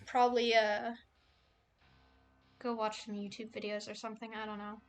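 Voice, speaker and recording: A woman's voice: on the high side, level tone, normal speed, soft background music. A young woman streaming casually, rambling and cooing affectionately at cats in a game. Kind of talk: casual livestream chat.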